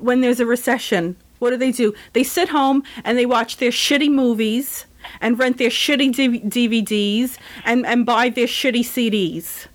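A woman in casual chat who talks bluntly and rants with lots of profanity. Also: on the high side.

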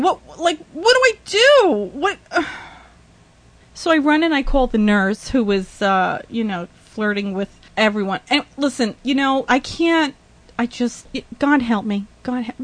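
High-voiced woman ranting indignantly. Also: dry recording. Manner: indignant, swears, rambling with laughs and sighs. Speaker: podcast host. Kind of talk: ranting monologue.

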